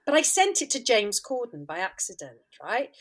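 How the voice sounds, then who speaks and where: Lively high-voiced woman telling a story. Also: moderate pace. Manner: animated storyteller, laughs often, acts out quotes. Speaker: guest, comedy writer and actor. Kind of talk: casual podcast chat, anecdote.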